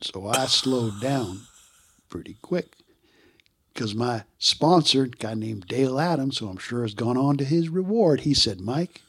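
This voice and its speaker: A man in his sixties, a guest in an interview, telling stories in a casual, animated way and acting out the voices he quotes. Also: mid-range voice, unhurried, husky. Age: 60s.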